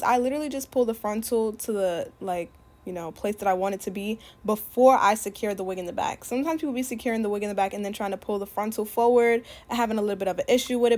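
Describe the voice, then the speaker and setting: A young woman giving a casual voice-over for a wig tutorial, talking fast and packing in "like" and other fillers. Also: mid-range voice, darkish tone. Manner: chatty, fast, many "like" fillers. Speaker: beauty YouTuber. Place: home, voice-over recorded separately.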